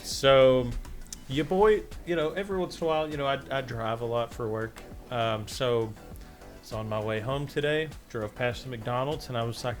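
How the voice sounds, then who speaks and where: Over soft background music, a man co-hosting a podcast recounts a story at a moderate pace in a medium-pitched voice, chatting casually, performing each quote, and cursing freely along the way.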